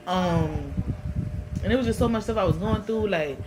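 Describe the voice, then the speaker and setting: A woman's voice: medium pitch, moderate pace, background noise. A woman with a New York accent telling a personal story to her vlog audience in a candid, emotional way with lots of slang. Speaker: vlogger. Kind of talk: casual storytelling to camera.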